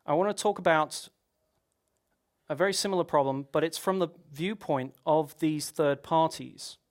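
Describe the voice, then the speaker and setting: A man's voice: fairly high pitch, normal speed. A man giving a technical conference talk, explaining at length with rhetorical questions and frequent restarts. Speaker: conference speaker.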